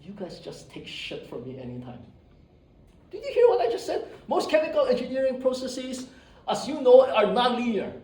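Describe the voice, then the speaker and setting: A man's voice: very high-pitched, sing-song, moderate pace, darkish tone. A man teaching an engineering class, joking with students and often checking in with "right?" and "okay?". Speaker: engineering professor. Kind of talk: classroom lecture. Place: lecture room. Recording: echoey classroom, distant mic.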